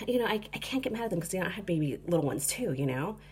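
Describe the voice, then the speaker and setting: A woman's voice: on the low side, very animated, fast talker, a little hiss or hum. A tired American woman chatting casually on her phone in a small apartment, rambling through a story with lots of "like" and "you know.". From United States. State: tired, sleep deprived. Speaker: vlogger. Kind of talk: casual travel vlog chat.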